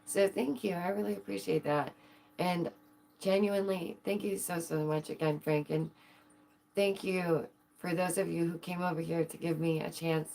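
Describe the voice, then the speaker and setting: A woman's voice: on the low side, fairly even intonation, normal speed, creaky, dark tone, a little hiss or hum. A young adult woman hosting her own channel, chatting casually and playfully to viewers with frequent giggles. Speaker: channel host. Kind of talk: casual livestream chat.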